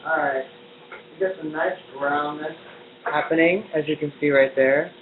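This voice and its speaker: An American man with a high voice hosts a casual cooking-show chat on a live stream from an indoor kitchen, chatty and playful, joking as he cooks. His intonation is fairly even at a normal speed, and the lo-fi, phone-like stream sounds distant, echoey, tinny, and noisy.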